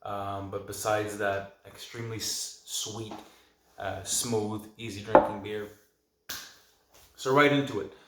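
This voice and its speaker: A man's voice: fairly low pitch, fairly even intonation, takes it slowly, heavy background noise. A man hosting a casual video review, talking loosely to camera in a rambling, chatty way from a room at home. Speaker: vlog host reviewing films and beer. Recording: echoey room.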